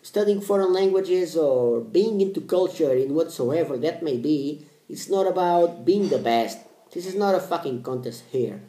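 A man in his late twenties talks straight to camera as a language vlogger, blunt and repetitive, with casual swearing. His voice sits a little high for a man yet sounds mellow and warm. The recording has a noticeable echo from the room. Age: 20s. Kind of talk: casual motivational talk to camera.

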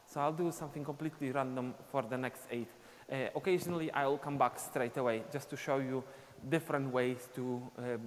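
A man teaching a live online dance class, explaining steps and counting beats aloud as he dances. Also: medium pitch. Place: dance studio. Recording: long reverb, faint ambient noise.

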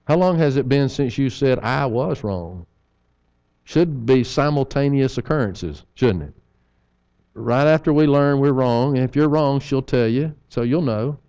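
A man's voice: mid-range voice, animated, measured pace, warm tone, smooth, dull audio. A man preaching an evening sermon in a church, folksy, with rhetorical questions and humorous asides.

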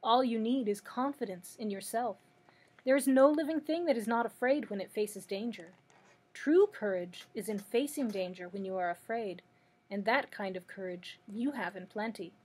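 A woman's voice: medium pitch, moderate pace, husky, lightly acted. A woman reading aloud as an old man who is a false wizard, confessing meekly. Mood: reassuring. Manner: confessing, gentle storytelling delivery. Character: old male humbug wizard, meek and apologetic.

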